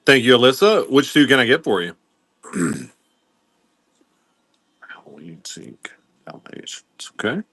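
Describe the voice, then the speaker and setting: A man's voice: mid-range voice, big pitch swings, moderate pace, a bit bright, dry recording. A man hosting a live online sale, casually greeting viewers by name and running through items one by one. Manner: welcomes viewers by name while listing items. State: coughing now and then. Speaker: livestream seller host.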